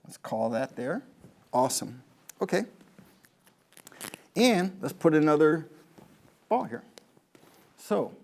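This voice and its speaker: Rambling golf pro telling stories. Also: male voice, fairly high pitch, big pitch swings, slow pace, pauses often. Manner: rambling, anecdotal, addresses the audience with questions. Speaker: golf pro and motivational speaker. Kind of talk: live motivational talk. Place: in front of a live audience.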